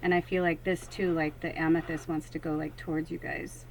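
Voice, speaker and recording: A woman's voice: sits low, flat delivery, fairly quick, a little mellow, poor audio. A woman working as a psychic medium, talking casually and animatedly to viewers during a card reading. She swears freely and acts out her own thoughts in quoted asides.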